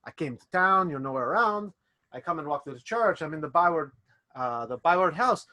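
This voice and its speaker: A man voicing a cold, controlling old male vampire with a French accent, speaking slowly and condescendingly. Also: on the high side, expressive, pushed and bright. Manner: slow, measured, condescending.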